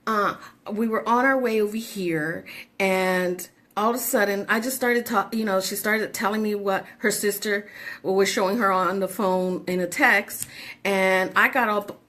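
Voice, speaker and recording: A woman's voice: mid-range voice, steady tone, unhurried, a bit bright. A middle-aged woman hosting a show, chatting casually in a bubbly, giggly, rambling way. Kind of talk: casual chat.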